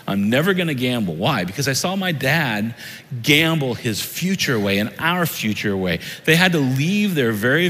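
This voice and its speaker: A middle-aged man preaching a sermon from the stage of a church auditorium, his mid-pitched voice ringing with the long reverb of the big room. He talks to the congregation in a plain, conversational way and keeps turning the point back to them with direct questions. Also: a bit bright. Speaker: pastor.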